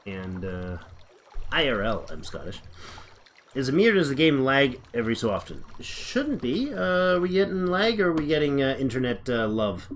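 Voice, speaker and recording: Chatty male game streamer, lively pitch. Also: normal speed, a little hiss or hum. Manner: rambling, thinks aloud, reads out chat. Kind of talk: casual livestream chat while playing.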